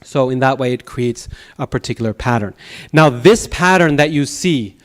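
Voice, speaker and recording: A man teaching a Sanskrit class, explaining patiently, checking in with the students and reciting verse slowly in rhythm. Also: mid-range voice, lively intonation. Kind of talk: classroom lecture. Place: temple classroom.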